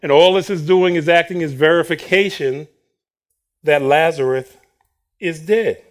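High-voiced male preacher, slow and lively. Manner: animated, acts out Bible quotes with laughter. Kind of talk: sermon.

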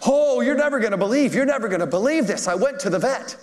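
A preacher putting on a shrill fretful churchwoman. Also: expressive, a little slow, fairly bright tone. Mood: excited. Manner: shrill, pleading, overwrought. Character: fretful middle-aged churchwoman grieving her cat. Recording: echoey hall.

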